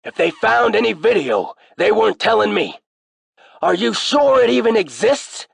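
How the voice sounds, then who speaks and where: A narrator puts on a gruff army colonel for an audiobook, his voice pitched up high and heavy with gravel. The delivery is clipped and even, and it sounds dry and close. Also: normal speed, no echo, exaggerated voice. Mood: guarded. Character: older male colonel, guarded and matter-of-fact. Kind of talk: audiobook character voice.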